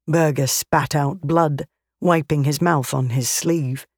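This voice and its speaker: An audiobook narrator reading a fantasy battle scene slowly and deliberately. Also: mid-range voice, slightly rough, no echo, clean studio sound. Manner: slow, deliberate, even reading.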